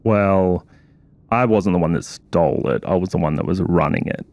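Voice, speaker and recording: Man doing guarded thief marine, deep voice, short flat answers, dry sound. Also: moderate pace, creaky, dry recording. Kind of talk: in-character tabletop play.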